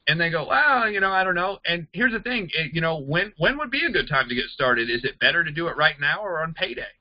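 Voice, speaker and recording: A man teaching a sales and recruiting class, talking fast and acting out bits of dialogue as he explains. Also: no echo, dull audio. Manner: energetic, acts out quoted dialogue with pitch jumps. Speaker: network marketing trainer. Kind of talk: recorded online class.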